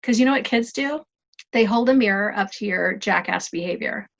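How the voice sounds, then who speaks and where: A woman guest on a podcast interview, telling stories in a lively, self-deprecating, humorous way. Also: medium pitch, moderate pace, gravelly, highs cut off. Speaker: guest, life coach.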